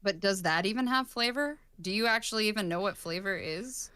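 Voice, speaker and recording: A woman's voice: mid-range voice, brisk, bright, forceful tone, clear, resonant tone, no echo. A woman guest on a podcast call, chatting casually with dry, teasing humor and free swearing. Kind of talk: casual chat.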